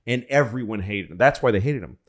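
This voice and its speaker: A male comedian spins a long, meandering story on a podcast, tripping over restarts and dropping profanity. His voice sits a little low and stays conversational throughout. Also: lively intonation, fast talker. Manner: rambling, profane, full of restarts. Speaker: comedian guest.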